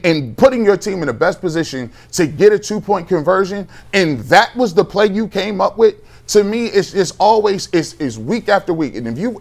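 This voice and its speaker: A man co-hosting a sports talk show, arguing his point with heat, emphatic and repeating himself as he builds his case. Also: high voice. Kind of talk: heated sports talk debate.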